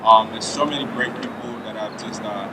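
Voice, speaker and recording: A man's voice: lowish voice, steady tone, a little fast. A young man from Nigeria, a student, speaking hesitantly with many filler sounds in an interview. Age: young adult. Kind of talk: casual interview talk. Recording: distant mic, loud street noise.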